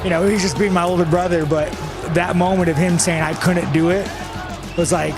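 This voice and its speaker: A man with a fairly high voice tells a story at a press conference. He speaks in a blunt, profane, rambling way. The clip has loud music laid over his voice. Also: steady tone, normal speed.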